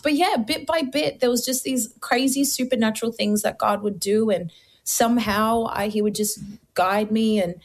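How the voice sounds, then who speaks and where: A young woman tells her personal story in an interview. She speaks earnestly and lively, with lots of casual fillers. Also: fairly high pitch, normal speed. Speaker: guest.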